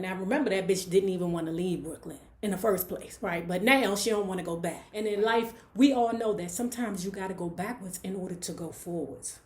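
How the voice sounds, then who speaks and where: A woman's voice: mid-range voice, brisk, hardly any pauses. A woman in her forties, hosting a book club, retells a novel in casual talk with sassy, blunt, profane asides. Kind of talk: casual story recap. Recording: roomy echo.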